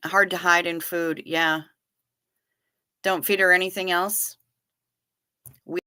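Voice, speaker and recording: A woman's voice: on the low side, pushed and bright. A woman hosting a livestream, chatting casually with viewers and reading their messages aloud, wry and loose with the odd swear. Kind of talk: casual chat.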